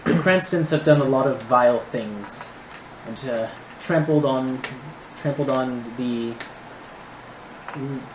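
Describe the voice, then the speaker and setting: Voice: mid-range voice, slow, long pauses, lightly acted. Game master voicing stoic caretaker Mandus. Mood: grave. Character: calm stoic man caring for town children. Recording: roomy echo, noisy stream audio.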